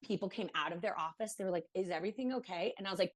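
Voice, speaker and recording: A podcast guest from Maryland talks in rapid-fire bursts with a fairly low pitch. Her casual interview centers on a personal story, told animatedly, full of fillers, with quoted lines acted out in other people's voices.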